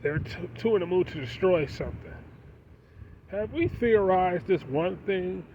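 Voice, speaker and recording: A man's voice: high voice, lively intonation, a little slow, darkish tone. A man talking casually to his viewers in a preachy monologue, firing off rhetorical questions. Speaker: vlogger. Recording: dull lo-fi sound with faint street noise.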